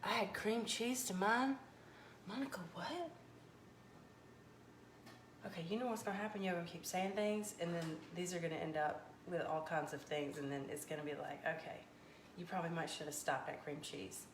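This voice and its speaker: A woman hosting a casual live cooking stream from her home kitchen, folksy and animated as she reads viewer comments. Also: fairly low pitch, a little fast. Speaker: cooking livestream host. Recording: echoey kitchen with faint background noise.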